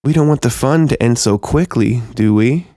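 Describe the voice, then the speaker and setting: A man voicing a sly, seductive wife with a husky, low voice, recorded dry. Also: moderate pace, dark tone, no echo, lightly acted. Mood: teasing.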